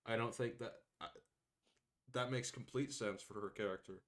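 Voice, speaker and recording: A man's voice: medium pitch, moderate pace, a bit bright. A man co-hosting a casual podcast chat, mostly agreeing and often restarting his thoughts. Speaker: podcast co-host. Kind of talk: casual chat reacting to a video.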